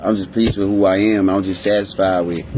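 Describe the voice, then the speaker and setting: Fairly quick and flat in delivery, a young vlogger's slightly mellow voice carries his candid personal story, with slight background noise behind it. He rambles emotionally, restarts sentences often and raises his pitch to imitate family members.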